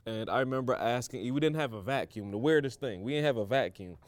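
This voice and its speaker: A man's voice: mid-range voice, fast, no echo. A man from the Caribbean co-hosting a podcast, telling stories in casual chat with many "like"s. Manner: storytelling, restarts with "like". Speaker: podcast co-host.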